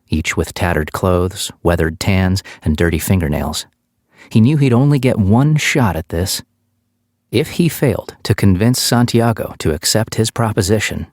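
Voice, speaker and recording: A man narrating a thriller audiobook in a steady, measured storytelling manner, close to the microphone. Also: deep voice, dry recording.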